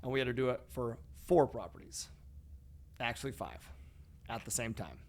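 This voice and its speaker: Brief: male podcast host, hyped and emphatic, casual "dude" and "bro" talk, medium pitch. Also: lively intonation, normal speed. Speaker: podcast host, real estate investor.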